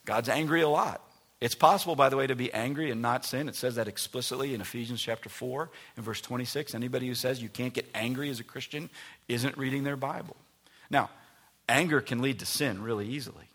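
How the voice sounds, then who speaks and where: A male pastor preaching a sermon, swinging between loud emphatic lines and soft near-whispers. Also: mid-range voice, brisk.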